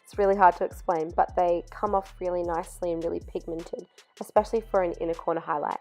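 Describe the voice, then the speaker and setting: Young woman talking thru her makeup steps, fry-heavy voice going hoarse, bit of soft music behind. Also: on the low side, steady tone, fast talker. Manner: chatty, step-by-step explaining with fillers. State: losing her voice. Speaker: makeup artist. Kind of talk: makeup tutorial voice-over.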